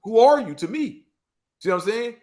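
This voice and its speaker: A man from Los Angeles with a Los Angeles accent, a podcast guest talking in an animated way, acting out quoted street talk with heavy slang. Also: sits high, moderate pace. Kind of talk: casual storytelling interview.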